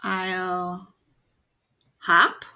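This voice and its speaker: A playful female frog from a homemade fairy tale drawls out rhyming threats, as a woman tries out her lines. The voice is bright, gravelly and slow. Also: lowish voice, completely flat delivery, exaggerated voice.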